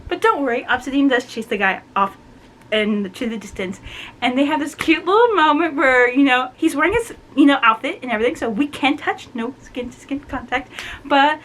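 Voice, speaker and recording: A woman chatting through a book review, animated and full of "like" and "you know". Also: high voice, low-quality recording. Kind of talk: casual book review vlog.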